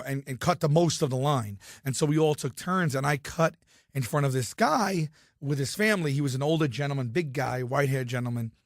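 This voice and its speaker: A man's voice: medium pitch, dry recording, studio quality. A man in his thirties, a guest comedian on a podcast, telling anecdotes in casual talk and acting out other people's lines.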